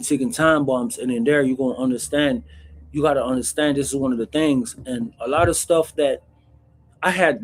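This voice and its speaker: A husky-voiced man hosts a casual live Q&A. He talks bluntly in street slang and keeps calling the listener bro. His pitch sits in the middle of the usual range for a man. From Jamaica. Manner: blunt street talk, calls the viewer bro, loud bursts when acting out stories. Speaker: host answering viewer questions.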